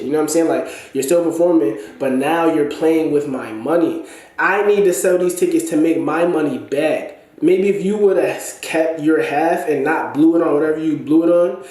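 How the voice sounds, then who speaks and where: Male storyteller from Massachusetts, animated and slangy, slightly high voice, booming room echo. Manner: animated, slangy, repeats "you know what I'm saying". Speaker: storyteller recounting a falling-out. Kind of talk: casual spoken storytelling. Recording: very echoey room.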